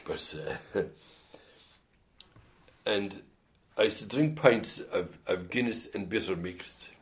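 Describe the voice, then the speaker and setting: A man's voice: on the low side, takes it slowly. An older man with an Irish accent telling rambling stories in an oral history interview, full of hesitant restarts. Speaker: interviewee, former band musician.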